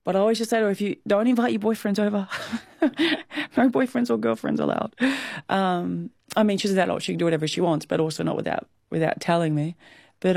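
A woman's voice: fairly low pitch, creaky, a little mellow, no room sound, clean studio sound. An Australian woman in her thirties, a guest talking candidly and emotionally in an interview. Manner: candid, emotional, quick to laugh. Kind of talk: interview conversation.

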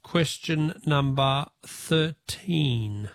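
A man's voice: fairly high pitch, dry recording, studio quality. A jovial, chatty Australian man hosting a radio quiz and talkback show. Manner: jovial, chatty, quick to laugh.

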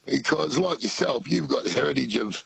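A man's voice: medium pitch, lively intonation, a little fast, creaky, fairly bright tone, husky, dry recording, low-quality recording. A man with an Australian accent calling a radio show, chatty and folksy. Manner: folksy, chatty, says mate. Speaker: caller. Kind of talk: casual phone-in chat.

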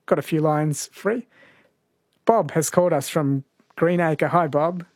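A man's voice: on the high side, measured pace, darkish tone, dry recording. A man with an Australian accent hosting a late-night radio quiz, friendly and chatty as he reads out listener messages.

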